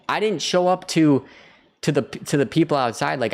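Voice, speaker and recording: A man's voice: a little high, normal speed. Earnest rambling man on the verge of tears. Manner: rambling, earnest, repeats words, builds to excited. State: near tears. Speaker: vlogger. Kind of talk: emotional personal reflection to camera.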